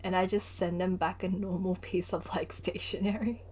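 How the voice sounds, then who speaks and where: A woman's voice: fairly low pitch, normal speed, a little hiss or hum. A young woman, chatting casually and giggling as she livestreams a game. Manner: chatty, giggly, animated storytelling. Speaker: gaming livestreamer. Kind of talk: casual chat while gaming.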